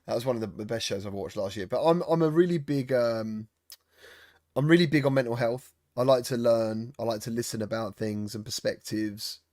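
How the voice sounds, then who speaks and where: A man's voice: mid-range voice, a little fast, dry recording. Chatty male podcast host, dry sound. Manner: chatty, animated storyteller. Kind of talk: casual chat.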